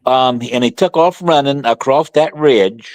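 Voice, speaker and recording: A middle-aged man, a guest author, telling a story in casual conversation, animated and colloquial with frequent restarts. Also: medium pitch, a little slow, no room sound.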